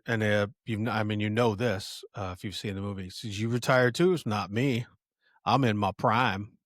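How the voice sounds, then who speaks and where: A male podcast host casually retelling a film scene in a halting, self-correcting way, with lots of fillers. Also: fairly low pitch, steady tone, no room sound, clean studio sound. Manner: chatty and conversational.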